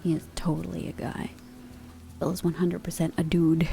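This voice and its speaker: A woman streaming live ASMR, chatting casually and playfully, drifting between soft whispers and quiet talk from a home sound booth. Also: lowish voice, little pitch movement, moderate pace, creaky, slight background noise.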